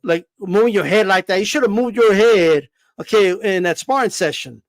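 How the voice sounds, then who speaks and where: A man's voice: high voice, normal speed, no echo. A man giving casual, opinionated boxing commentary in a rant, swearing, repeating words and firing off rhetorical questions. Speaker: boxing commentator on a live stream.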